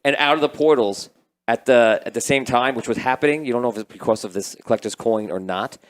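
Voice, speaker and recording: A man narrating a tabletop game as game master, telling the scene in a rambling, animated way. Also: mid-range voice, fast talker. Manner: rambling, animated storytelling with restarts.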